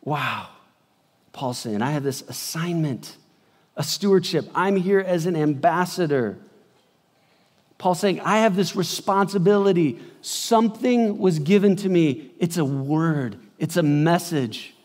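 A man preaching a sermon in a conversational way, moving from loud bursts to hushed passages. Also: on the high side, lively intonation, unhurried. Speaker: pastor. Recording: long hall reverb.

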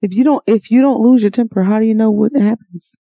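This podcast co-host talks fast, her pitch on the high side with vocal fry, and the recording is dry. Over a dull lo-fi mic she presses her partner with sharp questions in a loose, argumentative conversation, laughing frequently.

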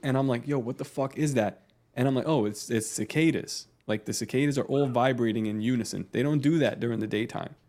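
A man in his thirties, a podcast co-host, telling a story in a casual, animated and profane way. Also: medium pitch, quick pace, few pauses. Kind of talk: casual chat.

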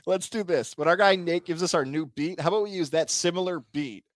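A man co-hosting a casual sports podcast, telling self-mocking stories in an animated way. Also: a little high, brisk, no room sound, studio quality. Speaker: podcast co-host.

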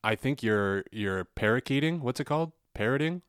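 A man's voice: medium pitch, animated, normal speed, clean tone, dry recording, clean studio sound. A man co-hosting a podcast, chatting casually about politics with a wry, joking manner. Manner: wry and joking, laughs along. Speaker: podcast co-host.

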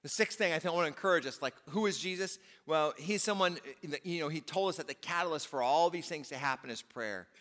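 A man's voice: a little high, fast talker, few pauses, a bit bright. A male pastor preaching a sermon in a conversational way, often saying "you know", in a large church auditorium. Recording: long reverb of a large hall.

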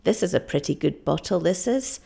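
A woman reading aloud and voicing a rough, hard-drinking male sailor who talks bluntly, loudly and mockingly. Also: fairly low pitch, lively intonation, a little fast, heavily acted. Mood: boastful.

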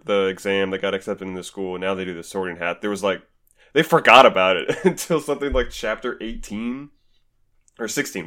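A man co-hosting a podcast in casual chat, retelling things with animated laughs between phrases. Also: lowish voice. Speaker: podcast co-host.

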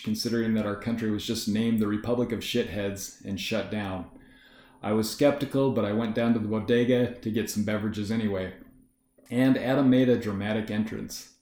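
Low-voiced man narrating, echoey. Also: brisk, darkish tone. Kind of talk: first-person story narration. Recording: roomy echo.

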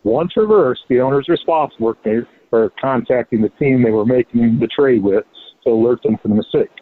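A man's voice: mid-range voice, a little fast. A man ranting with irritation about a league rule in a recorded message. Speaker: league member sending an audio message. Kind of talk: recorded complaint. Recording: tinny phone-line recording.

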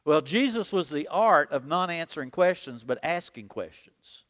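Brief: lively male preacher, slightly high voice, echoing church hall. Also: normal speed. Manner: animated preaching, leads the congregation in call-and-repeat. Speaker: pastor. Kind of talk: sermon. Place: church sanctuary. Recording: long hall reverb.

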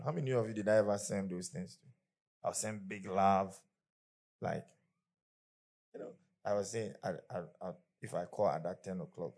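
A man's voice: low voice, gravelly, a little mellow, husky. A man preaching a conversational sermon as pastor, often acting out the people he quotes.

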